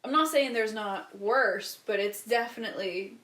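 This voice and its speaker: A blunt, outspoken woman hosts a podcast and exaggerates her opinions for effect. Her voice sits a little higher than most, and the roomy recording adds a clear echo. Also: normal speed, a bit bright. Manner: blunt, exaggerating, laughs often. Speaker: podcast host. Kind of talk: casual chat.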